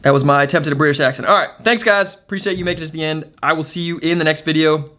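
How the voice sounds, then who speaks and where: A man with a slightly higher-than-usual voice talks casually to camera as the host of his own video. He is chatty and upbeat, with plenty of ums and restarts. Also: steady tone, racing, pushed and bright. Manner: chatty, filler-heavy, upbeat.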